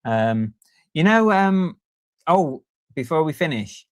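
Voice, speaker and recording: A man's voice: fairly high pitch, sing-song, takes it slowly, no echo. A man co-hosting a casual podcast, chatty and jokey as he reads out listener stats. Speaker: podcast co-host. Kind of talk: casual chat.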